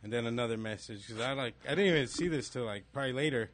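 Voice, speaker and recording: A man in his thirties tells a story in loose, profanity-laced chat, slipping into the quoted messages as he goes. His voice sits in an ordinary middle pitch. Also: very fast, fairly bright tone, dry recording. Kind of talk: casual chat.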